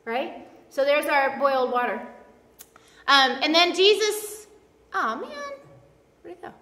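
A high-voiced woman preaches in a loose, conversational way, breaking into animated quoted voices. She sounds chatty and self-deprecating. The sound carries the long reverb of a large church hall, picked up from some distance. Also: unhurried. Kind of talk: casual sermon. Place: church sanctuary. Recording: echoey church hall from far off.

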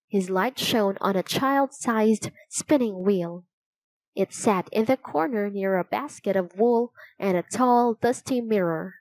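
A woman reading a children's chapter book aloud, telling it slowly and clearly. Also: mid-range voice, darkish tone, no room sound, low-quality recording. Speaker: storybook narrator.

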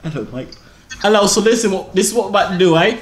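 A man's voice: high voice, lively intonation, fast talker, roomy sound, a little hiss or hum. A young man faking a British accent to tease strangers in a video chat. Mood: playful. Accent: put-on British. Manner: playful, teasing.

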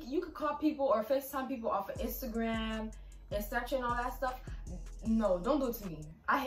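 A young woman vlogs in a sassy, emphatic rant, her voice sitting slightly high. She sounds a little far from the mic in an echoey room. Soft music plays underneath. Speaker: vlogger. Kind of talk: casual ranting vlog.

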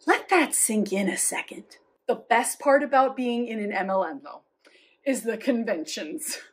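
Woman acting as a hyper cheerful coworker, high bright voice, bubbly, hops between ideas. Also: lively intonation, unhurried, slightly rough. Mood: salesy. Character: restless upbeat woman who must keep busy. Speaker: sketch comedian. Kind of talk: comedy sketch monologue.

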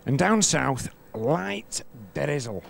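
A man's voice: a little high, big pitch swings, gravelly, full character voice. A man playing a cheeky comedy weatherman, rattling off teasing one-liners. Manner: camp, teasing patter in rapid one-liners. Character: cheeky male weather presenter Sheephead, mischievous.

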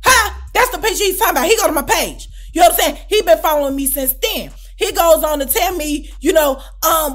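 High-voiced woman telling a story animatedly. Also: a little fast, few pauses, soft background music. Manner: animated, profane, keeps asking "you know what I'm saying?". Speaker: storytime vlogger. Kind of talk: casual storytelling.

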